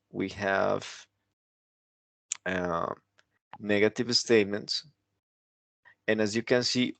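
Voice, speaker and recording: A male teacher talks through a grammar lesson at an unhurried, deliberate pace, his fairly low voice carrying a gravelly edge. He keeps pausing to check in with the listener, and the sound is dry and close. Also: no room sound. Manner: explanatory, keeps checking with "right?". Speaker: English teacher.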